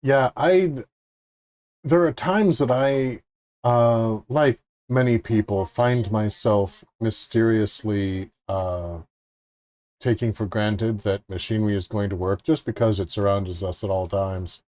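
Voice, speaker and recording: A man's voice: lowish voice, takes it slowly, a little mellow. Jokey man with wry asides. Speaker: co-host playing the game. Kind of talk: casual gaming chat.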